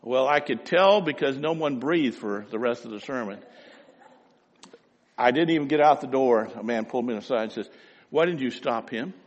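A man preaching a sermon, telling stories and swinging between loud emphasis and hushed asides. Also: mid-range voice, moderate pace, long reverb tail, muffled recording. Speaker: pastor.

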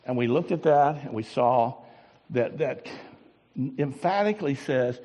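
A man preaching a sermon as pastor, swinging from booming emphasis to hushed, drawn-out words. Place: church sanctuary. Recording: long hall reverb.

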